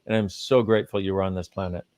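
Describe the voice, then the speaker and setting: A man's voice: sits low, level tone, quick pace, darkish tone, no room sound. Emphatic man teaching in a dry room. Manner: emphatic, swears casually, lists ideas. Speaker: guest speaker on parenting. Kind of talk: live conversational teaching.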